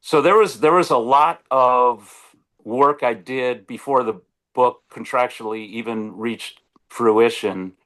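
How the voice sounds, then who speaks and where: A sportswriter guest on a video call tells casual stories in an ordinary mid-pitched voice, taking it slowly. He's animated, often restarts his sentences, and acts out what the people in his stories said.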